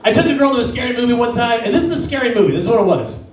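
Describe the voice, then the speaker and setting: High-voiced profane man doing stand-up. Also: sing-song, racing. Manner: profane, rambling, acts out quoted voices. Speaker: stand-up comedian. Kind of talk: stand-up comedy set. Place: comedy club stage in a sports lounge. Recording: echoey club audio from far off.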